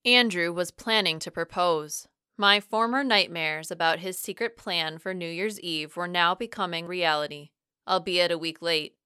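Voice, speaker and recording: A young adult woman reads a first-person audiobook with expressive shifts in pitch and loudness. Her voice is bright, crisp and smooth. The sound is dry and close. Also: no room sound. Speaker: audiobook narrator.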